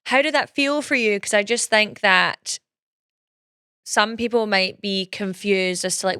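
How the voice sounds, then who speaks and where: A woman's voice: mid-range voice, a little slow, bright, forceful tone, smooth, no room sound, studio quality. A woman hosting a podcast interview, asking thoughtful, rambling questions with plenty of fillers. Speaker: podcast host. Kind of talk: casual interview chat.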